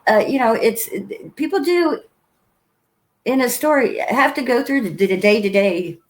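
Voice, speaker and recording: Woman host, chatty and quick to laugh, relaxed interview talk. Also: on the high side, poor audio. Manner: chatty, laughs often, warm praise. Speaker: podcast host interviewing authors. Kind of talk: casual chat.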